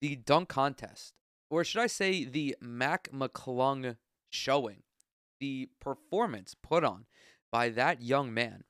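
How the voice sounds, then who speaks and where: A man hosts his own sports podcast, delivering blunt, profane, exasperated rants while audibly congested. His voice is smooth and resonant at a mid pitch. The sound is close and completely dry, with no room echo. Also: lively intonation, slow pace, fairly bright tone. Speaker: podcast host. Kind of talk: solo sports opinion podcast.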